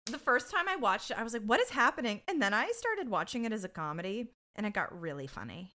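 Animated young woman co-hosting a chatty podcast. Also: medium pitch, fast. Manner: giggly, acts out quotes, animated storytelling. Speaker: podcast co-host. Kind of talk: casual chat.

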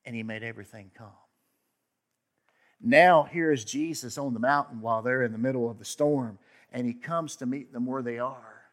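A man delivers a sermon in a conversational, storytelling way. His pitch sits in a middling range, and he swings between forceful emphasis and quiet, hushed asides. He acts out the people he quotes with sudden outbursts. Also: normal speed. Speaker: pastor.

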